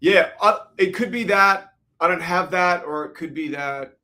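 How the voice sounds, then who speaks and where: A man's voice: high voice, measured pace, pushed and bright. A man with an Australian accent from the west coast, chatting as a musician guest in an interview, easygoing and rambling with small laughs between thoughts. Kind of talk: casual interview chat.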